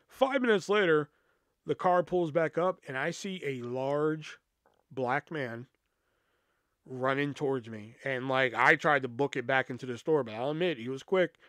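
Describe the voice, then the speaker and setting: A man's voice: fairly high pitch, a bit bright, no echo. A man hosting a podcast, telling a story in a casual, profane way, full of fillers and asides. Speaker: podcast host.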